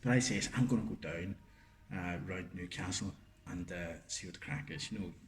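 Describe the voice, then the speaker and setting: A man's voice: low-pitched, normal speed. A middle-aged man, chatting casually as a podcast co-host and spinning a rambling, sweary anecdote. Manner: rambling storyteller, full of fillers and swearing. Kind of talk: casual chat, anecdote telling. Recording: roomy echoey room.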